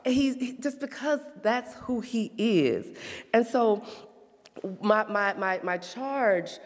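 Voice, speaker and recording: A woman in her thirties sharing a church testimony, telling her story with lots of laughter and dropping to soft, confessional tones. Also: a little high, lively intonation, slow pace. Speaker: speaker giving a testimony. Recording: long reverb of a hall.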